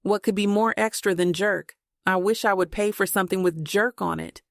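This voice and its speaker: A woman's voice: medium pitch, moderate pace, creaky, dry recording, studio quality, natural voice. A woman doing a sassy, outspoken grandmother. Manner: blunt, teasing, churchgoing humor.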